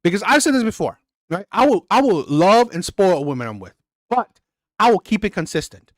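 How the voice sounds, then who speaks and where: A man's voice: high-pitched, big pitch swings, fairly quick, no room sound, studio quality. A man hosting a reaction channel, ranting bluntly and crudely about a played clip. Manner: blunt, crude, repetitive and heated.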